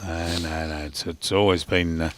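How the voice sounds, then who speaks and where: A man's voice: sits low, little pitch movement, moderate pace, fairly bright tone, slight background noise. A middle-aged man with an Australian accent, chatty and teasing as a co-commentator at a lawn bowls match. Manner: chatty, teasing, laughs easily. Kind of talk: casual commentary banter.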